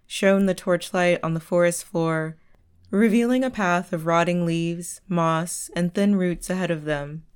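The narrator is a woman whose voice sits somewhat low and sounds smooth and resonant. She reads a story aloud at a measured audiobook pace.

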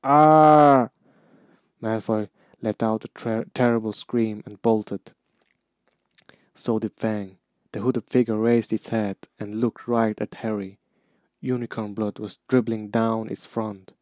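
Low flat-voiced man reading a story. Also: measured pace, no echo, highs cut off. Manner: steady reading with occasional slips and restarts. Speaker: reader. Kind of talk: amateur audiobook reading.

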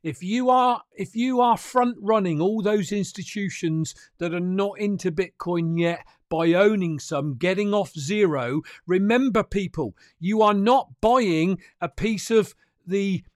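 A man with a high-pitched, unhurried voice hosts a crypto news livestream, chatting emphatically with his viewers. The audio is clean studio sound with no room noise.

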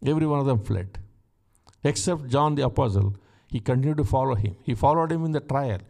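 A man's voice: mid-range voice, a little fast, gravelly, dark tone. A man preaching a sermon, emphatic, repeating his key lines and asking the congregation questions as he explains scripture.

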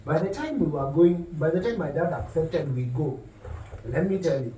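A young man with a Kenyan accent telling an animated story in casual podcast chat, slipping between English and Swahili. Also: on the high side, normal speed. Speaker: podcast co-host. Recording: echoey room, distant mic, faint noise.

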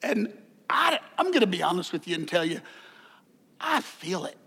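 A man's voice: high-pitched, very animated, moderate pace, creaky, bright, forceful tone, slightly rough. A man preaching a sermon as pastor, conversational, with joking asides and repeated words.

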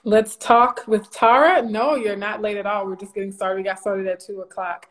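A woman's voice: medium pitch, steady tone, moderate pace. A woman from Louisiana, hosting a casual live stream. She is bubbly, laughs often and greets viewers by name. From Louisiana, USA.

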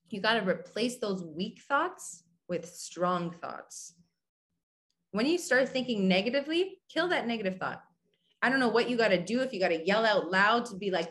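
A woman's voice: a little high, a bit bright. Blunt, candid woman talking. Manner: candid, blunt, swears casually; addresses listeners directly, asks if they agree. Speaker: podcast host. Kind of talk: casual motivational talk.

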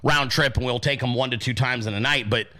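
A man's voice: mid-range voice, steady tone, fairly quick, bright, forceful tone, rough recording. A man hosting a podcast, ranting profanely in casual political commentary and calling his listeners dude and guys. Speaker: podcast host.

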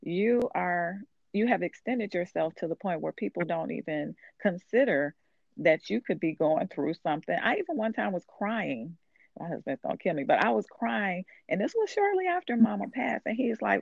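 A woman talks earnestly about her own story, her voice gravelly with fry. The sound is thin and tinny, like a phone line, and very dry. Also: mid-range voice, sing-song, moderate pace, dry recording. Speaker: author. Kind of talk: casual conversation.

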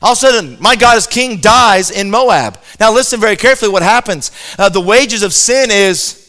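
A man's voice: high-pitched, normal speed. A man preaching a sermon, telling a Bible story with jokes and acting out the characters' lines. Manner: lively, joking storyteller who acts out quoted characters.

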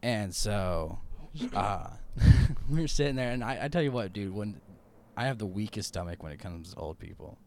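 A young man chatting casually as a podcast guest, telling animated stories and laughing often. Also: lowish voice, moderate pace. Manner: animated storyteller, laughs often, acts out quotes. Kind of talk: casual chat.

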